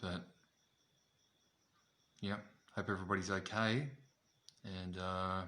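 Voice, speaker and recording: A man's voice: sits low, level tone, slow, bright, forceful tone. Blunt, ranting Australian man. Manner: blunt, profane, repetitive. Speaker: vlogger. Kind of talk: ranting to camera.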